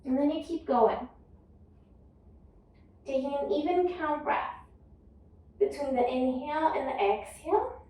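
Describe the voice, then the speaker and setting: A woman teaching a yoga class, calmly cueing each breath and movement. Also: high voice, unhurried, long pauses, heavy reverb, far from the mic, slight background noise, rough recording. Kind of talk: guided yoga class instruction.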